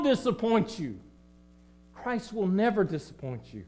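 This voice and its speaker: A pastor with a Southern accent preaching a sermon in a church, swinging between loud emphasis and quiet, low passages. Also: male voice, animated, unhurried. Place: church sanctuary.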